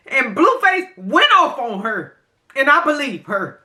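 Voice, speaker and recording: A woman's voice: sits high, very animated, measured pace, pushed and bright. A young adult woman vlogging during a mukbang, talking straight to her viewers in a heated, impassioned way. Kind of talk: emotional mukbang commentary.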